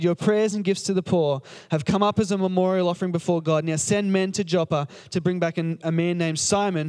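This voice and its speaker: A man preaching casually, retelling a Bible story in a chatty, joking way and acting out the characters' lines. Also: high voice. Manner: conversational, jokey, acts out the characters' lines. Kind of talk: casual sermon retelling scripture.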